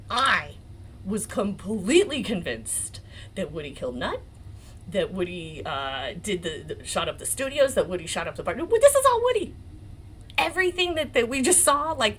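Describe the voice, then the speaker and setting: A woman in her forties with an American accent, hosting a legal commentary livestream in an excitable, emotional way, swearing and laughing often. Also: medium pitch, a little hiss or hum, poor audio. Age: 40s. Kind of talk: casual live-stream commentary.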